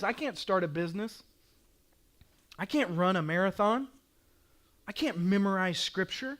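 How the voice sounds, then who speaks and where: A man's voice: sits high, expressive, moderate pace, long pauses, fairly bright tone. A middle-aged male pastor preaching a sermon with passion, repeating declarations for emphasis.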